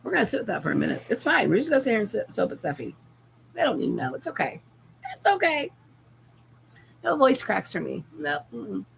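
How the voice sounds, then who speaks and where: A woman's voice: mid-range voice, sing-song, fast, creaky, a little hiss or hum, low-quality recording. A woman chatting casually on a live stream while sewing, rambling and swearing lightly, her voice cracking and giving out. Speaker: crafting livestreamer.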